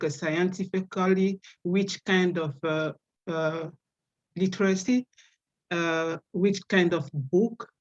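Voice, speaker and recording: A speaker with a strong French accent talks slowly on a video call, often pausing on fillers and restarting phrases. The sound is dull and lo-fi, as if the top end were cut off. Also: medium pitch. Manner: halting, with many fillers and restarts. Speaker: webinar participant. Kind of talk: casual spoken remarks.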